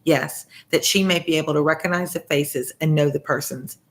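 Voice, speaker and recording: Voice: medium pitch, steady tone, moderate pace, fairly bright tone, close to an everyday voice. A reader voicing a guarded middle-aged male wine-shop keeper who speaks in a reserved, mechanical way.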